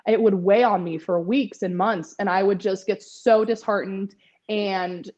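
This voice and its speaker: A woman's voice: medium pitch, steady tone, measured pace, darkish tone, lo-fi sound. A woman in her twenties, a podcast guest, talking in a chatty way with lots of fillers and frequent laughter. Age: 20s. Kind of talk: casual interview chat.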